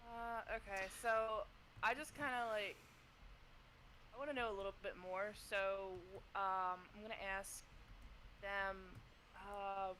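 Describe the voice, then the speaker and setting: A woman's voice: medium pitch, fairly even intonation, slow pace, pauses often, bright, forceful tone, slight background noise, poor audio. A woman playing a tabletop role-playing game in character, speaking politely and hesitantly, with small laughs. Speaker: player.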